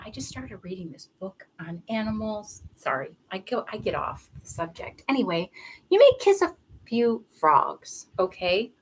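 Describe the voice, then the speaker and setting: A woman's voice: medium pitch, husky, rough recording. A young woman doing a live tarot reading, chatty and giggly, rambling off topic in a bubbly, sing-song way. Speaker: tarot reader.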